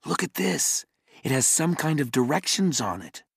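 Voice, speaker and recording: An excitable boy, as a male narrator acts him out, raising his voice well above the narration. He keeps pressing his point. The reading is close and dry. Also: a little high, normal speed, creaky, breathy edge, no echo, voice pushed up, heavily acted. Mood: excited. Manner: insistent, excited. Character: boy, excitable and insistent younger brother.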